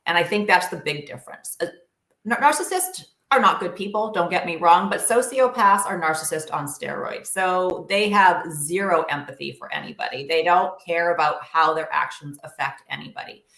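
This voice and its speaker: A woman's voice: fairly low pitch, moderate pace, vocal fry, a bit bright, reverberant. A woman guest explaining co-parenting advice in an interview, earnest and emphatic with frequent fillers.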